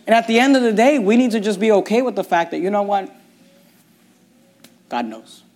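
This sermon comes from a man with a high-pitched voice; he reads scripture and moves back and forth between soft, slow delivery and loud, fervent preaching.

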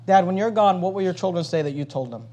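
A male pastor preaching a sermon, emphatic, swinging between loud and hushed and repeating phrases to drive his point home. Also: sits high, lively intonation, fast, lo-fi sound.

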